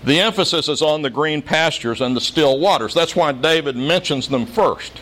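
A man's voice: on the high side, normal speed, a bit bright. Middle-aged male pastor with dry, folksy humor. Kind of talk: sermon.

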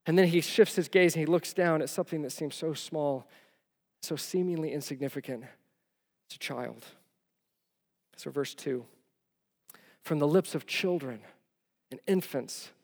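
Animated pastor preaching in a hall. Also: male voice, fairly high pitch. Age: young adult to middle-aged, father of four. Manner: animated storytelling, swinging from loud to hushed. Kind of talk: sermon. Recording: long reverb of a large hall.

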